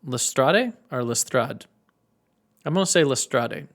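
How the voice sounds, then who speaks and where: A man's voice: mid-range voice, lively intonation, moderate pace, noisy background. A man hosting a let's play video, chatting casually and with self-deprecating asides while he plays. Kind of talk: casual gameplay commentary. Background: faint game music.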